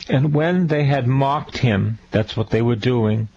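A slow, deliberate male priest reads scripture and breaks in with earnest commentary, repeating his points and putting questions straight to the listener. His voice sits at an ordinary middle pitch, and the recording sounds somewhat dull and lo-fi. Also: a little mellow, a little hiss or hum. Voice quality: earnest, repeats key lines for emphasis. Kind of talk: Bible teaching, reading scripture with commentary.

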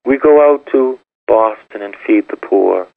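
An older man, a parish priest, preaching a sermon in an emphatic, repetitive way, his voice gravelly and husky. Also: lowish voice, unhurried, no echo. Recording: tinny phone-like radio broadcast.

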